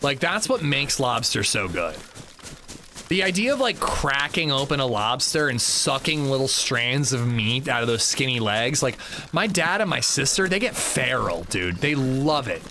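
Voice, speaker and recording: A mid-range male voice, very animated and at a moderate pace, comes from a young man livestreaming his gameplay. He banters loosely with viewers, cursing freely and responding to their chat, against a noisy background.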